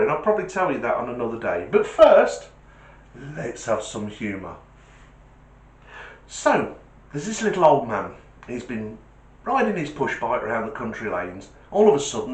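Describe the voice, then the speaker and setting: A man's voice: medium pitch, huge pitch swings, normal speed, echoey room. A man giving a casual, jokey vlog talk in a chatty storyteller's way. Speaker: vlogger. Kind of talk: casual monologue with a joke.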